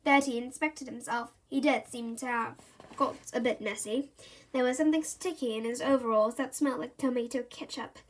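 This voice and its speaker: A woman reading a children's storybook aloud in an animated, expressive way. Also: sits high. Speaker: storybook reader.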